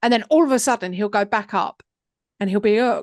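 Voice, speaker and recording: A woman's voice: medium pitch, fairly quick, dry recording. A woman hosting a true crime podcast, talking in a conversational way with many fillers. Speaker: podcast host.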